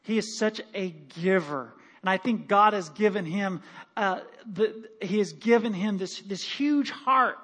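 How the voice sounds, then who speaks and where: A man's voice: high voice, measured pace, fairly bright tone, long reverb tail. A man preaching a sermon to his congregation, speaking with enthusiasm. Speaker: pastor. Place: church sanctuary.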